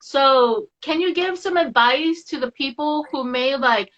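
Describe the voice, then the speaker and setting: A woman's voice: sits high, measured pace, fairly bright tone. A woman hosting a podcast interview, encouraging her guest in casual conversation. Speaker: podcast host. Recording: dull lo-fi audio.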